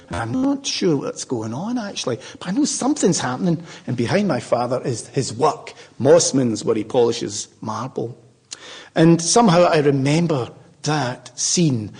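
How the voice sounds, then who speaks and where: A man's voice: mid-range voice, lively intonation, normal speed, darkish tone, breathy edge. An older man with a Glaswegian Scottish accent, a Buddhist speaker telling a rambling, humorous story to a live audience.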